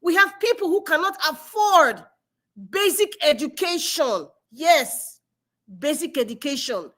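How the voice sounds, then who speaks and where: A woman's voice: very high-pitched, lively intonation, unhurried, a bit bright. A woman with a Nigerian accent hosting a live-stream discussion, speaking earnestly and building to emphatic, passionate appeals over a remote call. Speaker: live-stream show host. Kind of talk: impassioned live-stream commentary.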